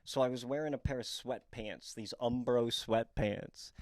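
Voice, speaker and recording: A young adult man from the northeastern United States tells candid stories as a comedian, rambling and self-deprecating with plenty of fillers. His voice sits at an ordinary middle pitch, and the recording is dry and close. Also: a little slow, no room sound. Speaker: comedian and storyteller. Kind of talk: candid storytelling monologue.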